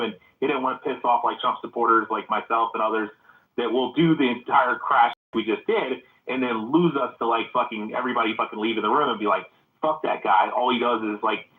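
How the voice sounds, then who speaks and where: A man's voice: medium pitch, reverberant. A man in a heated casual debate in a live audio chat room, telling rambling stories full of profanity. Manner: profane, rambling, animated storytelling. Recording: phone-like narrow audio.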